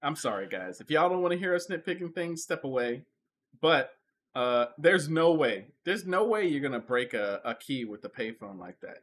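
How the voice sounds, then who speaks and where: A man co-hosting a casual movie review podcast, animated and quick to chime in. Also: fairly high pitch. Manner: animated, chiming in. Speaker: podcast co-host.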